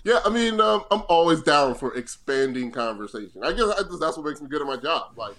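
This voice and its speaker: A man's voice: fairly high pitch, expressive, brisk, a bit bright. A man chatting casually on a podcast, easygoing and a little rambling.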